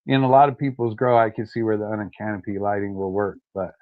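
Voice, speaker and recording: A man's voice: fairly low pitch, fast, no room sound. Easygoing man, dull dry sound. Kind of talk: casual chat.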